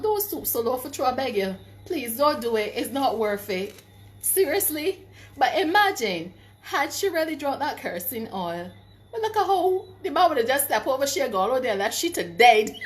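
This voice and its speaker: A middle-aged woman, telling stories in a casual vlog, animated, laughing often, and stopping to give advice. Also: high voice. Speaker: vlogger.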